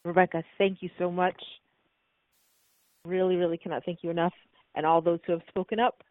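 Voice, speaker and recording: A woman's voice: fairly low pitch, level tone, brisk, dry recording. Woman moderator on a call, thankful, thin phone-line sound. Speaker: webinar host. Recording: tinny phone line, dry.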